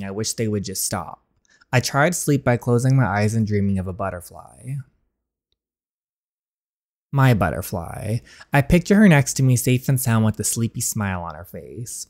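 A man voicing a brooding young male prisoner's inner monologue, soft, slow and melancholy. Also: fairly low pitch, close to an everyday voice.

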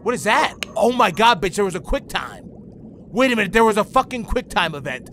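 Excitable, high-pitched cursing gamer man. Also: a little fast, noisy background. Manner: excitable, profane, shouting reactions. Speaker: gaming video host. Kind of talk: let's play commentary. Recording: game music behind.

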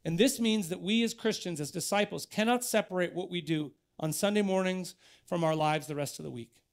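A man's voice: high-pitched, brisk, vocal fry. A man in his thirties, a pastor preaching an earnest sermon in church that builds to emphatic exhortation.

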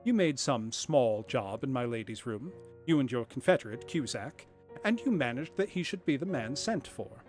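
A man voicing a calm, stern male detective who speaks in a low, measured way. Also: soft background music, natural voice. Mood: cool.

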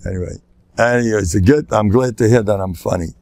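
Older rabbi with a gravelly voice. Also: male voice, lowish voice, quick pace, no echo. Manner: animated storyteller who acts out voices and laughs at his own jokes. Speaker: rabbi giving a talk. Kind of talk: anecdotal lecture.

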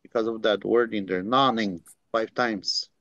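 A man teaching through unhurried stories, full of fillers and the tag "eh?". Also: lowish voice, fairly even intonation, a bit bright, dry recording. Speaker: language teacher. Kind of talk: storytelling teaching talk. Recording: dry, dull lo-fi recording.

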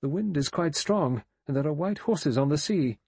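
A man voicing a prim, stern older woman in an audiobook, speaking crisply. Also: a little high, expressive, normal speed, a little mellow, no room sound, voice pushed up, full character voice.

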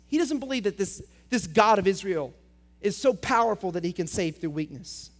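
High-voiced, energetic male youth pastor. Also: moderate pace. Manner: energetic, swings between loud emphatic lines and quiet intense ones; reads scripture aloud, asks students direct questions. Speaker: middle school pastor. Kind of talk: youth sermon.

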